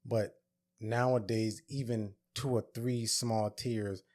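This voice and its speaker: A man's voice: fairly low pitch, steady tone, slow pace, darkish tone. A man hosting a podcast, telling a personal story in an earnest, reflective way and acting out both sides of a conversation. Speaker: podcast host.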